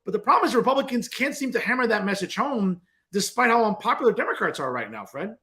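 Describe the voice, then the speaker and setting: Male talk show host, higher voice, animated and opinionated. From New Jersey. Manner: animated, opinionated, fast asides. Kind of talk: political talk show interview.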